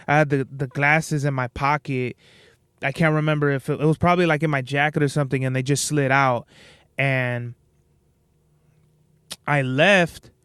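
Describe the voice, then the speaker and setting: A young man hosts his own podcast, drifting from story to story in a loose, profane, laid-back ramble. His voice sits a little high and comes through smooth and clean. The sound is dry and close, with no room echo. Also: fairly bright tone. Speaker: podcast host. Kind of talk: casual solo podcast monologue.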